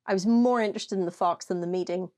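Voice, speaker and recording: A woman co-hosting a casual chat show with an Irish accent, telling animated stories, swearing and laughing often. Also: mid-range voice, fast talker. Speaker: podcast co-host.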